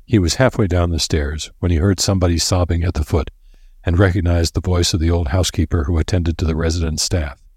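A man narrating an audiobook in a measured, even storytelling manner. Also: low voice, breathy edge, no echo, clean studio sound.

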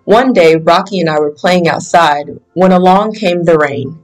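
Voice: mid-range voice, unhurried, faint music behind, rough recording. A reader giving a children's picture book a plain first-person reading. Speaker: storyteller.

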